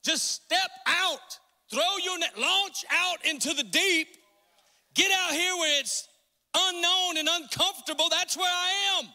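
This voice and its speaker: A man voicing God as a calm, insistent male voice, delivered in a raised, emphatic preaching tone. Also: extremely high pitch, measured pace, big-room sound, voice pushed up, heavily acted. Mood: urging.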